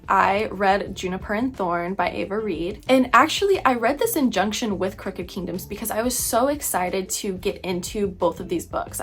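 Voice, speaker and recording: A young woman in her twenties chatting casually about books she read, gushing and rambling with lots of "like". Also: medium pitch. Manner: gushing, rambling, heavy use of "like". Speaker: book vlogger. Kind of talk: casual book review chat. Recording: faint background music.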